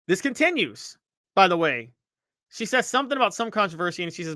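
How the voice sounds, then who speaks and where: A man with a bright, forceful voice delivers opinionated sports commentary as a show host. He talks emphatically and reads social media posts aloud. The sound is close and dry. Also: high-pitched, sing-song, brisk, no room sound.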